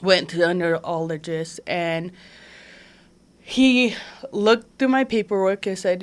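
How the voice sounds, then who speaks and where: A woman's voice: lowish voice, slow pace, smooth. Chatty woman telling a story. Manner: chatty and animated, heavy use of "like" fillers. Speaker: interview guest. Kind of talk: casual conversational storytelling.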